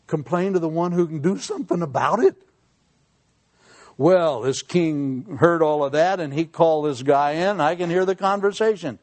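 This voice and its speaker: A man preaching a sermon in a folksy, humorous way, dropping quiet for serious points. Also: fairly high pitch, moderate pace. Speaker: pastor.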